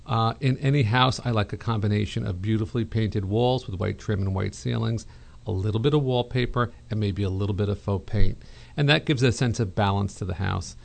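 A middle-aged man hosting a call-in home design advice show, chatty and relaxed, with many fillers and restarts. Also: on the low side, fairly quick, gravelly. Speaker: radio show host, interior designer.

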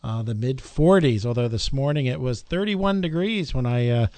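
A man filling in as host on local radio, chatting about the weather in a relaxed way with small fillers. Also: mid-range voice, moderate pace, no echo. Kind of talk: casual local radio chat.

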